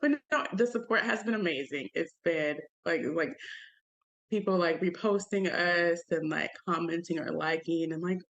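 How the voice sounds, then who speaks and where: Gravelly-voiced woman co-hosting a podcast. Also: on the low side, normal speed. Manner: animated storyteller, acts out quoted people in shifting voices. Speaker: podcast co-host. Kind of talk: casual chat.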